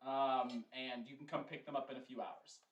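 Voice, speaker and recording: A man's voice: mid-range voice, steady tone, moderate pace, far from the mic, lo-fi sound, natural voice. A man voicing a grumpy old male shopkeeper who dislikes outsiders, dealing in a hesitant way. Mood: businesslike. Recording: roomy, off-mic.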